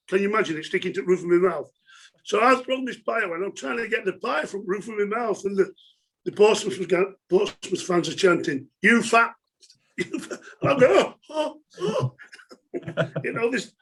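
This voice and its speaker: In a casual storytelling interview, a middle-aged English ex-footballer recounts his playing days in a high-pitched, husky voice. He's chatty, laughs along the way, and uses lots of fillers.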